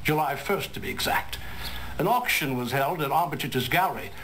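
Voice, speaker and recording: An actor playing an upset titled gentleman who explains a theft in a formal, detailed way, in a 1990s video game. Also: on the high side, lively intonation, normal speed, slight background noise. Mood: troubled. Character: upset gallery patron, a titled Englishman. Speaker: witness.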